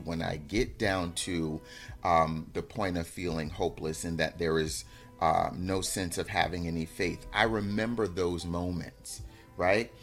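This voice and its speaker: A low-pitched man speaks as a life coach in a heartfelt motivational talk. His delivery is gentle and reflective, often pausing to ask "right?", with faint music playing underneath. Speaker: life coach and show host.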